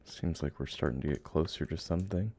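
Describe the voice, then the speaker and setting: A man giving let's play commentary, playfully cooing at game creatures and drifting into hushed, musing narration. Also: a bass voice, brisk, slight background noise. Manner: playful, coos and baby-talks at game creatures. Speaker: game streamer.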